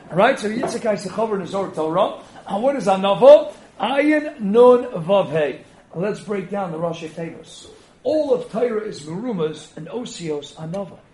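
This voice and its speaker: Man with a high voice giving an emphatic torah class, roomy echo. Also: a little mellow. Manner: emphatic, asks rhetorical questions and answers them. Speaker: rabbi giving a Torah lecture. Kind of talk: spirited Torah lecture.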